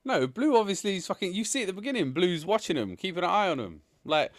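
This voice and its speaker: A man's voice: high voice, big pitch swings, quick pace, dry recording. Defensive man, dry close sound. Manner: defensive, exasperated, swears. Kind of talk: casual film debate.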